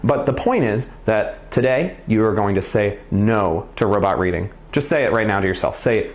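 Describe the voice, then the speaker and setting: Lively low-voiced man teaching reading. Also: normal speed, hardly any pauses. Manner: playful, expressive, encouraging. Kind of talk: video reading lesson for children.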